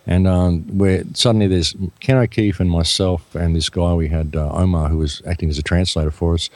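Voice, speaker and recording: A man's voice: low-pitched, fairly quick, dry recording. An Australian man telling a story as a radio guest, acting out what people said. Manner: animated storyteller acting out quotes.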